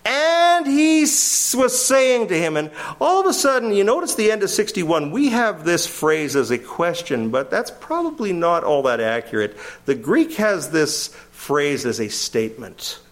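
Older man preaching, fairly high voice. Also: moderate pace, hardly any pauses. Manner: animated, voice climbs sharply when quoting. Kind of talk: verse-by-verse sermon.

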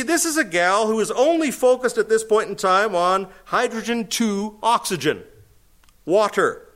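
A man preaching a sermon, explaining scripture in an animated teaching manner with emphatic pauses and occasional laughs. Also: on the high side. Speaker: pastor.

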